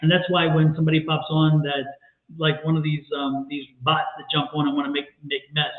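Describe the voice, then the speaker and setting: A man co-hosting a tarot livestream talks with animated, emphatic enthusiasm. His voice sits fairly high for a man. It comes through a thin, phone-like connection with a roomy echo. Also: fairly quick. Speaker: tarot reader co-host. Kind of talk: livestream chat. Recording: echoey, phone-like audio.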